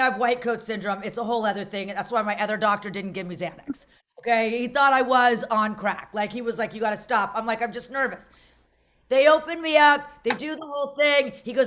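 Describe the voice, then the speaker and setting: A middle-aged woman from Las Vegas hosting a comedy show, doing brash, rambling stand-up that often bursts out loud. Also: fairly high pitch, a little fast.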